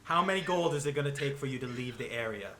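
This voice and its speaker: Bright, halting game master man. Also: medium pitch, animated, a little hiss or hum. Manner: casual, halting, full of fillers. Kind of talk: narrating a tabletop game.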